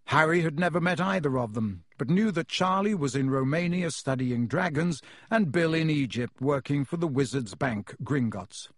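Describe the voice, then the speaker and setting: A man reading a storybook aloud as narrator, measured and expressive, on a close studio mic. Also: fairly high pitch, dry recording. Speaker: audiobook narrator.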